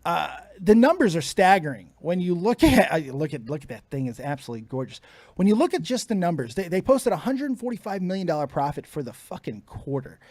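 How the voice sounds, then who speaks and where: Podcast co-host, middle-aged man, high and very animated, dry close sound, profane and giggly. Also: fairly quick, dry recording. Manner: profane, laughs often, excitable. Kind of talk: casual podcast chat.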